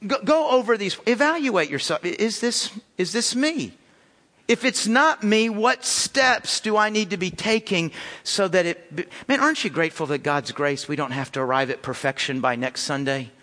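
Pastor guy preaching, bright forceful voice, kinda high, long church-hall reverb. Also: expressive, moderate pace. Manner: emphatic, repeats words, swings from loud appeals to hushed lines. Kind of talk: sermon. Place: church sanctuary.

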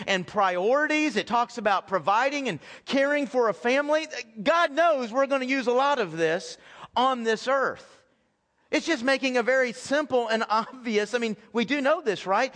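High-voiced man preaching a sermon. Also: fairly bright tone. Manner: conversational preaching with rhetorical questions and repeated restarts. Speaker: pastor. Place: church hall with audience.

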